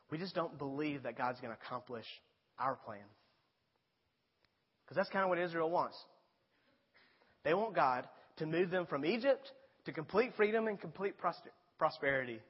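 A pastor preaching to his congregation in a fairly high, husky voice. He talks plainly and rises to emphatic appeals. The sound is dull and carries a long reverb from a large hall. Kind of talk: sermon.

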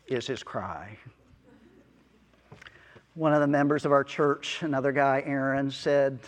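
A man preaching a sermon in a church hall, in an earnest, unhurried way. His voice sits at a middle pitch, and a long reverb trails each phrase. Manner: slow, earnest preaching with soft asides and chuckles. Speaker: pastor.

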